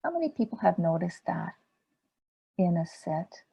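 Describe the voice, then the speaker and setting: A woman meditation teacher giving a dharma talk in a gentle, unhurried way, asking rhetorical questions. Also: lowish voice, sing-song, creaky, husky.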